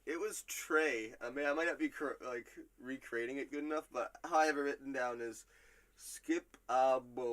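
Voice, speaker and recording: A man's voice: mid-range voice, fairly quick, hardly any pauses, fairly bright tone. A man hosting a casual podcast quiz, reading quotes aloud and laughing often. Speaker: quiz host.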